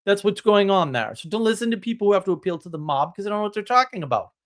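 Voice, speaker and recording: A man's voice: sits high, sing-song, racing. Blunt, scornful male live streamer. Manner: blunt, scornful, with sarcastic laughs. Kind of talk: casual ranting monologue. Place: home, drinking tea on stream.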